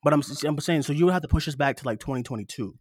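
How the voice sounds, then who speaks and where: A man co-hosting a podcast, ranting in rapid bursts with emphatic swearing. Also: fairly high pitch, no room sound, studio quality. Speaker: co-host. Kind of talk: heated casual podcast chat. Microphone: studio mic, remote co-host.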